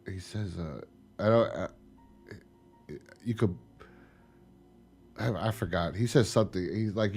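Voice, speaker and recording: A young man with a low voice chats casually on a podcast, rambling and cursing as he retells scenes. He laughs often and jumps into rough impressions of the characters. Faint music sits under the talk. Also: measured pace, long pauses, a little mellow. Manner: rambling, laughing, swearing, acts out quotes. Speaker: podcast co-host.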